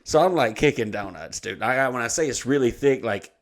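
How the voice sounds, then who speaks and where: A man's voice: mid-range voice, a little fast. Profane storytelling man. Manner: animated, swearing, bursts of laughter. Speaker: podcast co-host telling a story.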